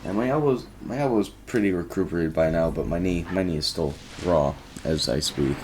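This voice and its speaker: Teenage boy, very low voice, rambling casual vlog story, faint room hum. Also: a little fast, darkish tone. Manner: rambling, restarts often, quotes himself. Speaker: vlogger.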